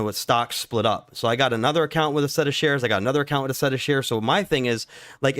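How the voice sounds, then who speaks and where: Here a stock market streamer talks trades live in a medium-pitched, fairly bright voice. His speech is laid-back and full of swearing, slang, "dude" and "like." The audio is studio quality with no room sound.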